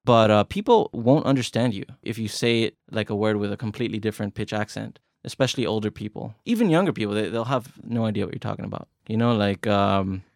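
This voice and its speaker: A man's voice: on the low side, fast, gravelly, hardly any pauses, dry recording, studio quality. A man hosting a casual language lesson podcast, chatty and joking, often restarting his phrases. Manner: chatty, self-correcting, joking. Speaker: podcast host.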